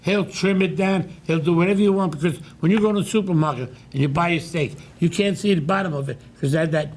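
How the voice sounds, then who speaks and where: A man's voice: fairly high pitch, quick pace, slight background noise. Older New man telling stories. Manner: lively storyteller, loud impressions of shouting. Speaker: host. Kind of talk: casual chat, storytelling.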